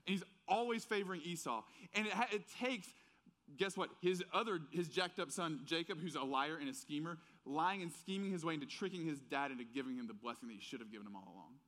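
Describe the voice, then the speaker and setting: A man with a faint Southern accent preaching a casual, conversational sermon, telling stories in an animated way with many fillers. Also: a little high, quick pace.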